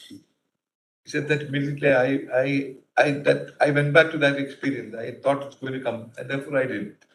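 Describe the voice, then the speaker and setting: A man's voice: mid-range voice, level tone, normal speed, a little hiss or hum. A man, a judge questioning counsel from the bench, probing and thinking aloud with many fillers. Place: large courtroom. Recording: roomy courtroom echo.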